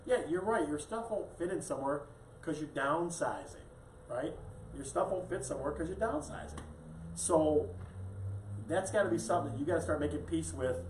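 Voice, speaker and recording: A man's voice: on the high side, lively intonation, brisk, echoey room, recorded from a distance, a little hiss or hum, low-quality recording. A man co-hosting a live real estate show, talking in a chatty, joking way full of "yeah" and "right". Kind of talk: casual live-stream chat.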